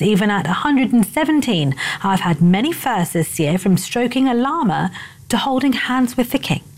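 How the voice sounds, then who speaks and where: A woman reads the headlines in a measured, formal newsreader delivery. Her voice sits at a middle pitch for a woman. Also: a little mellow. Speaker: news reader. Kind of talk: scripted news bulletin.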